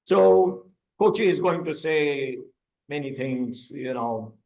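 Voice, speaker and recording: A man's voice: a little high, animated, takes it slowly, creaky, darkish tone, poor audio. A man leading a coaching masterclass, explaining step by step and asking the audience questions. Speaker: coaching instructor. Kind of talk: online masterclass teaching.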